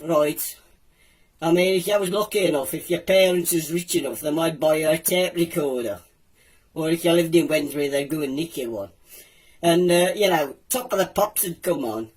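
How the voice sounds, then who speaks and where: A man's voice: fairly high pitch, voice pushed up, natural voice. Man doing a chatty Black Country Womble. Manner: gossipy, rambling, asks the viewers questions. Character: chatty nostalgic male Womble from Wednesbury. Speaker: segment presenter.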